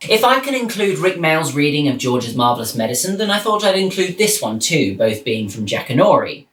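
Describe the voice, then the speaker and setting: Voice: medium pitch, sing-song, a little fast, hardly any pauses, a bit bright, echoey room, faint music behind. A video host giving wry, opinionated commentary comparing audiobook readings. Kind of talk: casual review commentary.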